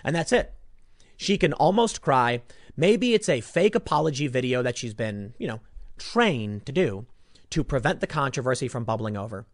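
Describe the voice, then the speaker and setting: A man delivering opinionated commentary, sarcastic and mocking, swinging between loud outbursts and muttered asides. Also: mid-range voice, very animated, normal speed, dry recording, clean studio sound.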